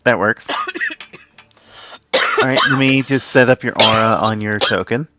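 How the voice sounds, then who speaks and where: A man running a tabletop game as game master, talking haltingly with many fillers. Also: mid-range voice, sharp tone, a little hiss or hum.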